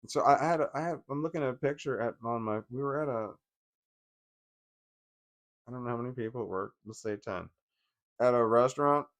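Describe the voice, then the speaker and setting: Man, mid-pitched, agitated and profane, rambling confessional vlog. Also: a little fast, pauses often. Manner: profane, rambling, with frequent restarts and laughs; agitated, venting. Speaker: vlogger. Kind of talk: casual personal monologue.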